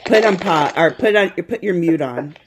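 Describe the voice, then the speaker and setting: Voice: medium pitch, moderate pace, background noise. A podcast host chatting casually from home while feeling unwell, rambling and laughing often.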